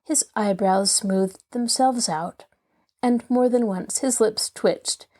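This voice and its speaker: A woman host reading a classic novel aloud in a measured, expressive manner. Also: fairly high pitch. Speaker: host and audiobook narrator. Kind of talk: scripted narration.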